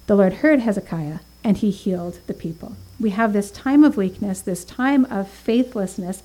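A woman's voice: mid-range voice, mellow, poor audio. A woman teaching a Bible study, earnest, reading scripture aloud with emphasis and thinking aloud with small fillers and restarts.

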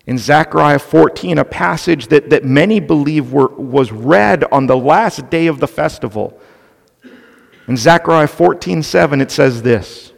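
A man preaching an expository sermon, slow and deliberate, stressing key points with emphasis. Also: a little high, vocal fry. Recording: long reverb of a large hall.

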